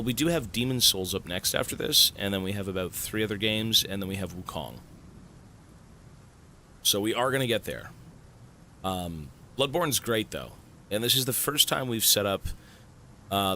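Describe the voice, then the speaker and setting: A man talking to his stream viewers in a bright, forceful, animated voice. He is excitable and swears freely, breaking into surprised shouts. A faint rumble sits under the home desk recording. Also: unhurried, pauses often. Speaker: Twitch streamer. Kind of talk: live stream chat with viewers.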